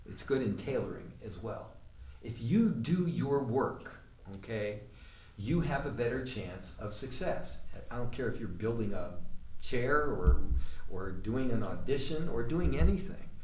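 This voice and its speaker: A man's voice: mid-range voice, expressive, a little slow, a little mellow, far from the mic. A male acting teacher lectures his class, drifting into a rambling personal story with plenty of fillers. He sounds set back from the mic in a roomy studio. A faint hiss sits under his voice.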